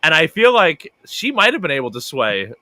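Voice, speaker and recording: A man's voice: fairly high pitch, huge pitch swings, moderate pace, bright, forceful tone, no echo. A man co-hosting a casual podcast chat, thinking aloud with many restarts. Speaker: podcast co-host.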